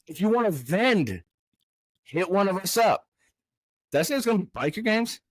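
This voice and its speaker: A man's voice: high voice, very animated, normal speed, dry recording. A man hosting a casual podcast, swearing constantly and swinging from angry rants to hyped cheer. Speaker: podcast host.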